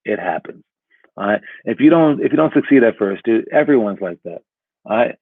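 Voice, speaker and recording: A man's voice: on the low side, expressive, fairly quick, no room sound. A man giving a casual motivational talk as a coach, rambling and asking "all right?" again and again. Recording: tinny phone-like audio.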